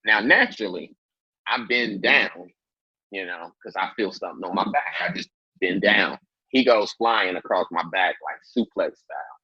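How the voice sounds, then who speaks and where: A man's voice: husky, dry recording, dull audio. A man from Indianapolis, a comedian, telling a story in a casual interview and acting out quoted lines. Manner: animated storyteller, acts out quotes in a much higher voice. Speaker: guest, comedian.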